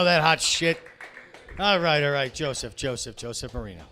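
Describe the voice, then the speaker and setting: High-voiced loud male comedy host. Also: animated, normal speed, slight background noise. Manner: loud hype-man patter, teasing asides. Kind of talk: stand-up show hosting. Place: comedy venue stage.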